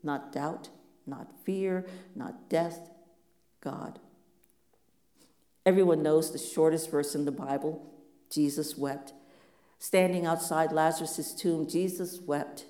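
A pastor preaching a sermon in a measured, reflective way, asking many rhetorical questions. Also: mid-range voice, fairly even intonation, mellow, roomy sound.

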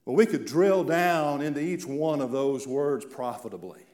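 A male pastor from central Appalachia preaching a sermon, swinging from loud declarations down to hushed, almost whispered lines. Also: a little high, normal speed. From central Appalachia, Virginia and eastern Kentucky. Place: church sanctuary. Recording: echoey church room.

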